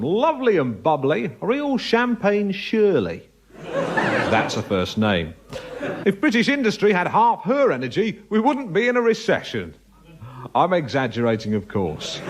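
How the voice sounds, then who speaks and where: A smug, awkward chat show host, stumbling over his words with a lively, swooping delivery. He blurts tactless remarks and hesitates often. A steady hiss runs under the radio studio recording. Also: high-pitched, exaggerated voice. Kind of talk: radio comedy acting.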